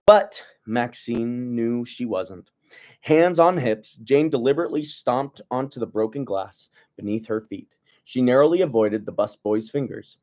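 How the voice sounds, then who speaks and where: A man's voice: medium pitch, unhurried, a little mellow. Young guy, casual read-aloud, stumbles on words, jokey rants. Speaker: book reader.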